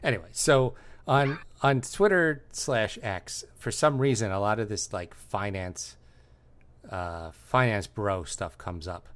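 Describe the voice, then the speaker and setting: Low-voiced dry male podcast co-host. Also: slow. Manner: dry, low-key storytelling with deadpan sarcasm. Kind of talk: casual comedic chat.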